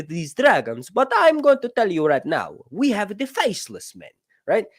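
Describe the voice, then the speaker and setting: A man hosts a casual livestream Q&A, rambling about fantasy lore, swearing casually and often asking "right?" His voice is on the high side, with studio quality sound and no echo.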